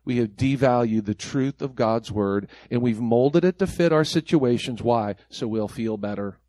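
A man's voice: mid-range voice, moderate pace, dark tone, no room sound. A man preaching a sermon as pastor, mimicking the people he quotes in mocking voices.

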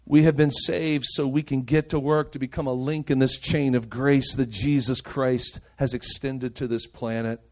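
A male pastor preaching a sermon with passion, moving between raised, urgent lines and quiet, hushed ones. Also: medium pitch, flat delivery, moderate pace, few pauses. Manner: impassioned preaching, swinging between loud and hushed.

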